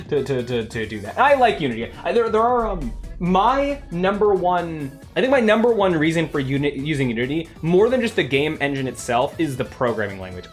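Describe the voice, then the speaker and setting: A man's voice: medium pitch, a bit bright. Rambling man on a livestream. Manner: rambling, many restarts and fillers. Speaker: livestreaming game developer. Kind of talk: casual livestream chat.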